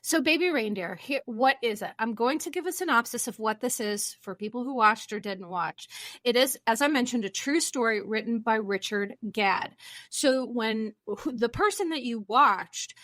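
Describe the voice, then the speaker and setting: A woman's voice: fairly high pitch, lively intonation, moderate pace, fairly bright tone, no room sound, clean studio sound. A young woman therapist hosting her own podcast, talking earnestly and rambling a little, with self-deprecating asides. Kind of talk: solo podcast talk.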